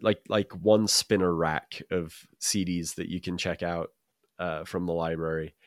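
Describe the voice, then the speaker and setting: A man's voice: low-pitched, level tone, measured pace, dry recording. A man who grew up in Utah, co-hosting a casual chat show, rambling with repeats and dry jokes. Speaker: podcast co-host.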